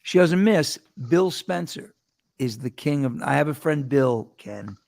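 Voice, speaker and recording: A man hosting a casual chat show, telling rambling stories with quick laughs and restarts. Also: on the high side, lively intonation, gravelly, a little mellow. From New York. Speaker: host.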